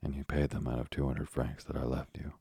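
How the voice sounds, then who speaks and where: A man voicing a frail, gentle old father in an audiobook, speaking softly and wearily. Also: rumbling low, level tone, brisk, gravelly, breathy edge, no echo, studio quality, full character voice. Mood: gentle, weary.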